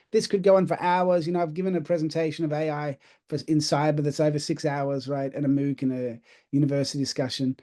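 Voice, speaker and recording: A man's voice: a little high, dark tone. A man from Australia with an accent mixing Australian, British and American, giving a chatty, self-deprecating webinar presentation. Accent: Australian mixed with British and American.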